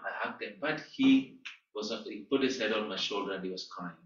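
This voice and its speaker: A man teaching through a personal story, animated, with emphatic rises and soft drops. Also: fairly low pitch, a little fast. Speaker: guest teacher. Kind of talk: storytelling lecture. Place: teaching room at a training school. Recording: echoey room, far from mic, dull sound.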